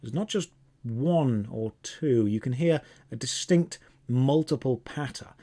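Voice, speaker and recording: Guy gm narrating a d&d oneshot, slow vivid descriptions, regular mid pitch. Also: mellow. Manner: descriptive, drawn-out storytelling. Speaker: game master. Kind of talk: narrating a tabletop game.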